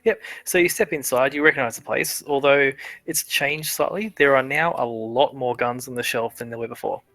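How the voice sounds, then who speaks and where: A man's voice: mid-range voice, moderate pace, a bit bright, no echo, poor audio. Man, streaming game master; easygoing, restarts often, dry room. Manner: casual, laughing often, many restarts. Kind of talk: narrating a tabletop game. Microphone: headset or desk mic, streaming.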